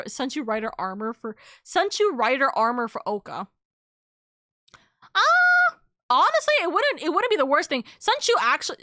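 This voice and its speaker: A woman's voice: on the high side, pushed and bright, no echo, clean studio sound. A young adult woman streaming a game, chatting casually in a bubbly, rambling way and correcting herself often. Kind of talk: casual live-stream chat.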